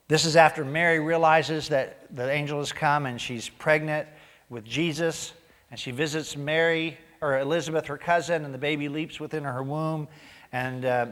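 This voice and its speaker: A man preaching a sermon as pastor, animated, acting out quoted voices and dropping to a near-whisper for emphasis. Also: medium pitch. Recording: long hall reverb.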